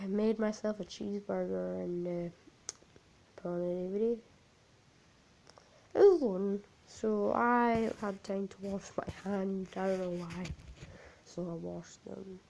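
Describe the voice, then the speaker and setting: A woman telling an amateur creepypasta story in a halting, repetitive, unpolished way. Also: medium pitch, creaky, darkish tone.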